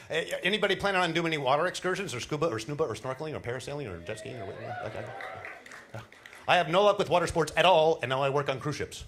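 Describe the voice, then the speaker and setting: A middle-aged man doing a stand-up comedy set on a cruise ship, telling animated stories with laughs and put-on voices. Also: fairly high pitch, slight background noise. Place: cruise ship show lounge.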